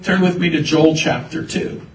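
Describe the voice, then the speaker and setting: A man's voice: on the high side, normal speed, recorded from a distance, a little hiss or hum. A man preaching a sermon, telling his own story and quoting the people in it. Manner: storytelling, animated quoting of others. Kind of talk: sermon with personal testimony. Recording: roomy echo, voice from afar.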